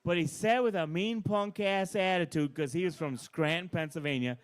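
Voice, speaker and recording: A man doing live stand-up at an open mic, bossing an audience volunteer around with playful, deadpan asides. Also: a little high, moderate pace, smooth. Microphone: handheld stage mic.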